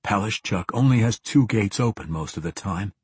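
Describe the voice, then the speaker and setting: A calm, grounded ranger speaks in a steady, measured and reassuring way, as a man reads him. The voice sits low and sounds husky. The recording is dry and close. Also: dry recording.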